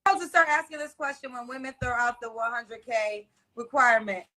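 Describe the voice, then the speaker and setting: A woman hosting a dating show, questioning a caller in a brisk, direct way. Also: a little high, bright, forceful tone.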